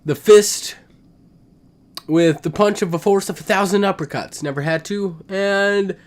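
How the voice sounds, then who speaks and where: Animated young man telling a story. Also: fairly high pitch. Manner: animated, swings between loud outbursts and mutters. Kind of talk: comedic story time.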